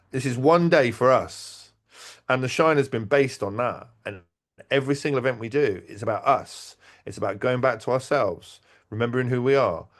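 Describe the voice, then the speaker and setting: A man telling stories in casual talk, animated, acting out quotes and restarting his sentences. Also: mid-range voice. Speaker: event organizer and podcast guest. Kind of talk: casual conversational storytelling.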